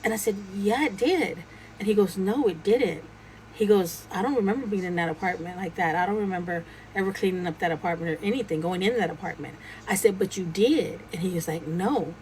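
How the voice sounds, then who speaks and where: A woman's voice: on the low side, a little fast, slight background noise, rough recording. A woman casually telling a true ghost story, acting out the dialogue as she goes. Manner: animated retelling, acting out quoted dialogue.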